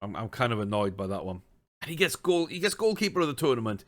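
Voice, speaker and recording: A man's voice: medium pitch, big pitch swings, quick pace. A man giving casual let's-play commentary on a football management game, chatty and thinking aloud, with bursts of exasperated ranting. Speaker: gaming streamer.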